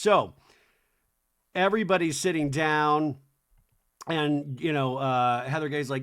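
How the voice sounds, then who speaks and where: A man's voice: fairly high pitch, unhurried. A man hosting a podcast, riffing comedically on a reality-TV episode with lots of impressions and "like". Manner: animated, jokey, full of impressions and "like". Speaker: podcast host. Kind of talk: comedic TV recap monologue.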